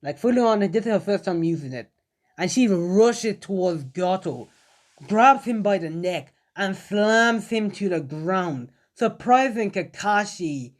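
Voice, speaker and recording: A man casually narrates a fan-made story, rambling, leaning on fillers, and speaking directly to his viewers. His voice sits somewhat high for a man, with lively intonation and a measured pace.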